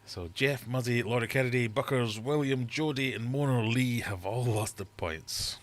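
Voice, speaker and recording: A man's voice: mid-range voice, normal speed. A middle-aged man hosting a casual livestream quiz from his fish room, chatty and jokey as he reads out questions and scores. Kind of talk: casual live quiz chat.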